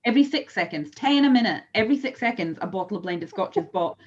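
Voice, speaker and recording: A woman's voice: medium pitch, quick pace, breathy edge, dull audio. Chatty Scottish woman on a video call. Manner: chatty, self-deprecating, animated storytelling. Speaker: whisky blender, guest. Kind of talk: casual video-call chat.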